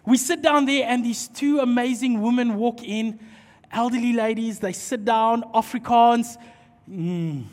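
A man preaching a sermon and telling a story, acting out dialogue in an animated way. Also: very high-pitched, measured pace. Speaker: pastor. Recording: long hall reverb.

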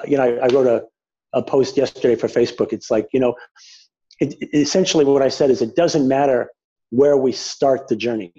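A man speaking as a spiritual teacher in a reflective conversation, gentle and searching, often restarting his sentences. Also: mid-range voice, husky. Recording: dull lo-fi sound.

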